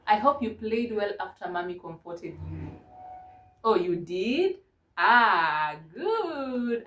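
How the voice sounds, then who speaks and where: A woman from Kenya teaching a mock English lesson to a young child, gentle and encouraging, spelling words out slowly. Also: medium pitch, reverberant, a little hiss or hum. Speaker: online ESL teacher.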